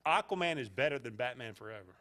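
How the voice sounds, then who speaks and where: A man's voice: mid-range voice, expressive, fast, sharp tone. Hesitant man hosting sports radio. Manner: hesitant, many filler uhs. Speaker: sports talk radio host. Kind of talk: casual radio chat.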